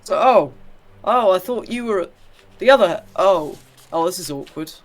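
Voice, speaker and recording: A woman's voice: lowish voice, expressive, moderate pace. A woman co-hosting a live game stream, chatting and reading viewer comments aloud. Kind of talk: casual chat on a live stream.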